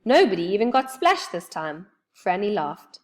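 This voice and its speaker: A woman reading a children's storybook aloud with expressive, lively storytelling. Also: medium pitch, normal speed.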